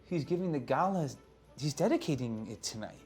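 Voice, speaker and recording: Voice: medium pitch, lively intonation, a little fast, a little mellow, soft background music, lightly acted. A game master voicing a flustered young woman manager. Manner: rambling, apologetic, casual slang.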